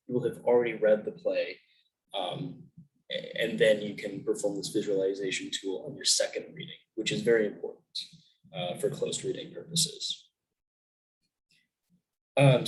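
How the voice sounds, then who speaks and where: A man's voice: fairly low pitch, low-quality recording. A young man giving a recorded virtual lesson in a casual way, with lots of ums, restarts and questions to the class. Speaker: student teacher.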